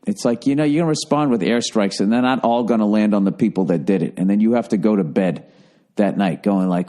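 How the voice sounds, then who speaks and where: A podcast host in his forties rants through a casual solo monologue packed with heavy profanity and sarcasm. His voice is fairly low and mellow, and he talks briskly.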